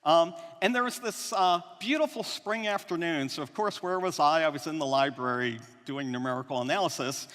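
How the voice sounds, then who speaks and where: A man's voice: a little high, a little fast, few pauses. A man giving a conversational conference talk, often checking in with the audience. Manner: animated, conversational, often adds "right?". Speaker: conference speaker. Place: large conference hall. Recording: long hall reverb.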